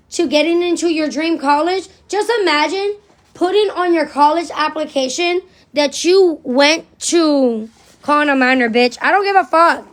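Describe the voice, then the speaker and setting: A middle-aged woman with a high-pitched voice rants through a livestream monologue. She is blunt and swears freely, hammering her points by saying them twice. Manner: blunt, profane, repeats phrases for emphasis.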